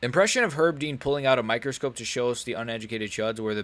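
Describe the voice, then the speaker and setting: A man's voice: mid-range voice, fast, hardly any pauses, a bit bright, dry recording. A man hosting a live stream, reacting to fights in a rambling, joking way full of slang.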